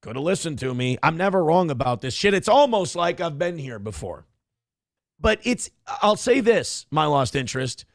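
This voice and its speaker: Male stream host, gravelly, slightly high, blunt and profane, dry close sound. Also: sing-song, normal speed, no echo. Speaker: livestream show host. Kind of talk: casual livestream commentary reading chat. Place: home studio.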